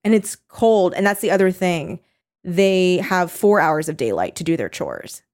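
A woman in casual conversation, retelling a story with lots of fillers and acting out quotes in high voices. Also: expressive, unhurried, a little mellow. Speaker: co-host recounting a reality show. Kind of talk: casual chat.

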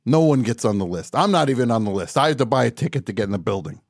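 A man hosting a live call-in radio show, wry and mock-boastful, dropping to quiet mumbles and rising to shouts. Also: mid-range voice, animated, rapid-fire, hardly any pauses, no room sound, studio quality.

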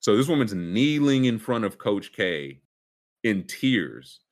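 A man's voice: lowish voice, big pitch swings, slow pace. A man hosting a casual sports podcast, rambling with fillers and restarts and a sarcastic streak. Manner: sarcastic, wry.

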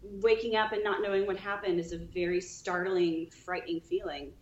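A woman guest on a podcast, telling her own story with lively, acted-out dialogue. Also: mid-range voice, moderate pace, echoey room, lo-fi sound, a little hiss or hum. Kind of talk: storytelling in an interview.

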